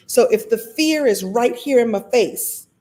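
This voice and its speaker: A woman hosts a live motivational recap for an online audience, animated and playful, laughing and acting out little scenes. Her voice is on the high side and her pace unhurried.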